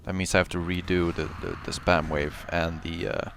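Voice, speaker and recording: A man giving live commentary on his own gameplay, excitable, swinging between muttering and yelling, and cursing often. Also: low-pitched, moderate pace, creaky, soft background music. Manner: curses often. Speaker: gameplay streamer.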